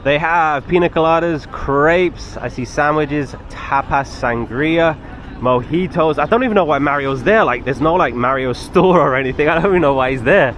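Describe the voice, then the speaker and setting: A young travel vlogger with a fairly high, fairly bright voice speaks at a moderate pace. Walking outdoors in the city with a handheld camera, he chats easily and directly to his viewers, with faint traffic and street sounds around him.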